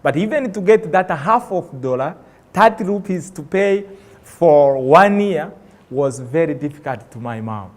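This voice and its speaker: Man, motivational speaker, emotional stage story, slow deliberate pace, slightly raised pitch. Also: animated. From Rwanda. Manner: impassioned, acts out dialogue, swings loud and soft. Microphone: stage microphone.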